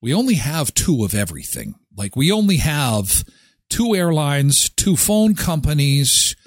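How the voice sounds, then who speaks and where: A man's voice: fairly high pitch, a little slow, dry recording, clean studio sound. A middle-aged man from Canada hosting a live show, chatting casually and joking sarcastically as he reads viewer comments. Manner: animated, joking, sarcastic asides.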